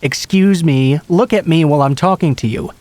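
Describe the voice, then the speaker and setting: Loud older Filipino mom scolding her kid, strong accent, pitched up high; a man doing the voice. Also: normal speed, no echo, close to an everyday voice.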